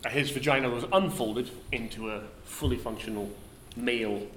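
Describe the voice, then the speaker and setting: A man in improvised comedy banter, excitable and swearing freely. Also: medium pitch, moderate pace, roomy sound, slight background noise.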